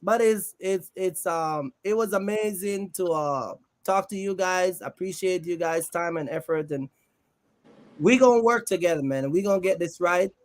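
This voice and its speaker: A man's voice: high voice, normal speed. A man hosting a casual livestream about a trucking business, joking with guests and reading the chat aloud in a loose, friendly way. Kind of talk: casual live-stream chat.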